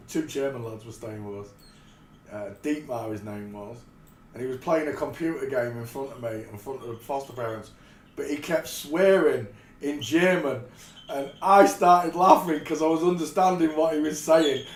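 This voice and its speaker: A man's voice: a little high, moderate pace, slight background noise. A man from England, telling rambling anecdotes in a casual way and often breaking into laughter. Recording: roomy echo.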